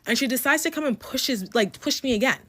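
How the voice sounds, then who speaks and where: A woman's voice: sits high, lively intonation, fairly quick, pushed and bright, breathy edge. A young adult woman telling a casual storytime, rambling, swearing freely and filling her speech with "like".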